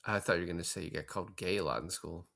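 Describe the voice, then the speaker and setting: A man's voice: deep voice, rapid-fire, gravelly, sharp tone. A man co-hosting a podcast, chatting casually about a movie and swearing freely as he retells scenes. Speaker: podcast co-host. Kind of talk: casual film-review chat.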